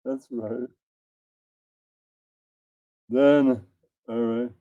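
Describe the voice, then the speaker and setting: A man reading out a crude comedy bit, profane and deadpan, tagging his jokes. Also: medium pitch, drawn-out words, no room sound, narrow, tinny audio. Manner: profane, deadpan, tags jokes with "that's right". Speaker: comedy reader.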